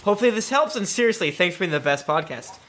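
A man's voice: high-pitched, expressive, fast talker, a bit bright. A man co-hosting a podcast, reading listener messages aloud in a jokey way and laughing as he goes. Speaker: podcast co-host.

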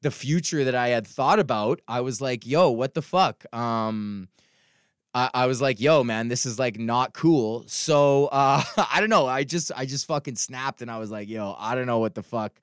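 A young man on a podcast who talks in a loose, confessional ramble, swearing freely and stopping often to restart his sentences. His pitch sits in the middle of the male range, and the close mic makes the sound dry and dead. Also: clear, resonant tone, no echo. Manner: frank, profane, halting with many restarts. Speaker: podcast host. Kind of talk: casual rambling monologue.

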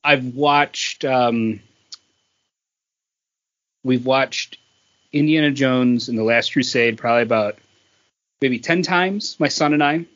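A man's voice: medium pitch, takes it slowly, long pauses, a bit bright, muffled recording. A man co-hosting a podcast, talking casually and animatedly, with a lot of fillers. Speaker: podcast co-host. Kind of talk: casual chat.

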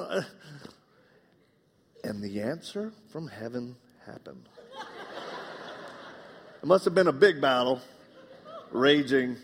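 A man's voice: medium pitch, lively intonation, slow pace, long pauses, big-room sound, a little hiss or hum. A man with a Southern US accent preaching a live sermon, telling funny stories and acting out dialogue. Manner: humorous storytelling, acts out dialogue. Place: church.

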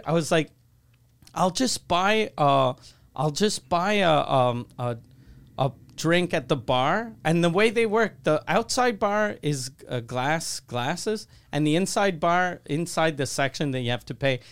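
A man co-hosting a podcast, telling stories in casual chat, animated and swearing freely. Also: a little high, clear, resonant tone. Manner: profane, animated storytelling. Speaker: podcast co-host.

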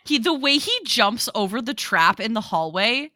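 A woman co-hosting a podcast, excitedly recapping a TV show in casual chat, swearing and laughing often. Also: a little high, normal speed, no echo, clean studio sound. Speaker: podcast co-host.

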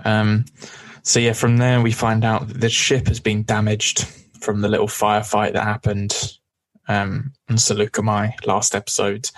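A man co-hosting a casual podcast, recapping an episode with a chatty, easygoing manner and frequent laughs. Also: fairly low pitch. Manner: chatty, laughs often, does brief voices. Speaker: podcast co-host.

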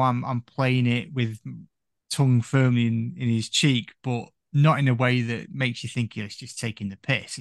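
A man with a gravelly, creaky edge to his mid-range voice rambles through film talk as a podcast guest, leaning on "you know" constantly. The recording is dry and close. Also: mid-range voice, no room sound. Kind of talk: casual film chat.

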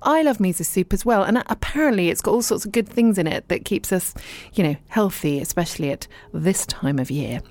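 A bubbly middle-aged woman hosts a chatty local radio show from a studio mic. Her voice is dry and close, with no room sound around it, and she talks in a lively, friendly flow. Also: medium pitch, a little fast, no echo. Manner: bubbly, chatty, warm asides. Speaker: radio presenter. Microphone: studio microphone.

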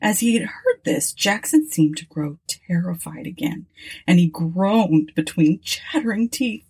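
A woman narrating a story aloud in an expressive, dramatic reading style. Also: fairly low pitch, unhurried, breathy edge.

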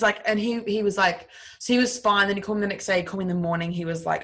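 A woman's voice: on the low side, very fast. A young woman hosting a podcast, chatting candidly and animatedly, full of fillers and swearing. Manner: animated storytelling, heavy filler words, swearing. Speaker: podcast host. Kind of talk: candid casual chat.

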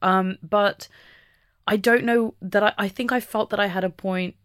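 A woman speaking as an interview guest, talking openly and reflectively, with the odd soft laugh. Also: medium pitch, fairly even intonation, a little slow, smooth, no room sound, studio quality. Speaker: podcast guest. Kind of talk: candid conversational interview.

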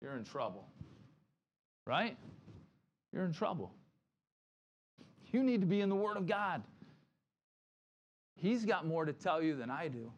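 A male pastor preaching a sermon in a conversational way, often checking in with "right?" and acting out Bible figures in quick quoted lines. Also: medium pitch, a little mellow, muffled recording, slight background noise.

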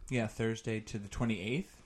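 A man's voice: lowish voice, fairly even intonation, moderate pace, crowd noise. A man co-hosting a podcast, chatting casually and teasing his co-host dryly. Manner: dry teasing. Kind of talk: casual chat.

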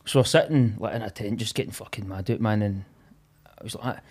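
A young Scottish man chatting as a podcast guest, swearing freely and laughing through animated stories. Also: fairly low pitch, fairly quick, husky. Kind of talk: casual chat.

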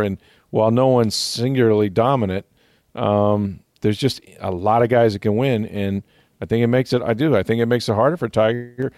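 A man's voice: medium pitch, a little mellow, no echo, clean studio sound. A man hosting a sports podcast, chatting casually and rambling with fillers and easy laughs. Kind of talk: casual chat.

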